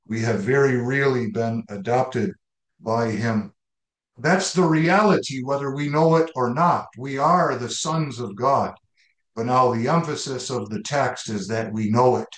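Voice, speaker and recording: A man preaching a sermon, slow and emphatic, repeating his key phrases for weight. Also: medium pitch. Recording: roomy echo.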